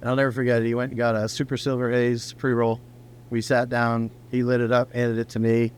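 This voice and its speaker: A man's voice: medium pitch, monotone, fairly quick, smooth. A middle-aged man, a company founder, casually telling a long rambling personal story in an interview, now and then swearing.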